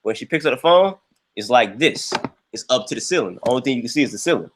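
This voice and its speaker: A young man hosts a livestream and tells a long story in a loose, chatty way. His voice leaps up high whenever he acts out what someone said. His pitch sits in a middle register but moves around a lot. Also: quick pace, noisy background. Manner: animated, jumps into high quoted voices. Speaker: livestream host. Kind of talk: casual storytelling.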